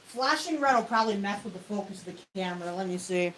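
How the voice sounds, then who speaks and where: A woman's voice: mid-range voice, lively intonation, quick pace, fairly bright tone, a little hiss or hum, low-quality recording. A woman hosting a casual livestream from a home tabletop setup, self-deprecating and chuckling often. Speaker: host of a toy robot fight livestream.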